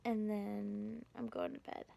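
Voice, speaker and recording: A woman's voice: mid-range voice, level tone, slow pace, creaky, warm tone. A young woman vlogging about a book she is reading, gushing and emotional, often breathless. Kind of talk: casual vlog chat. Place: on a bus, at home, in a staff room.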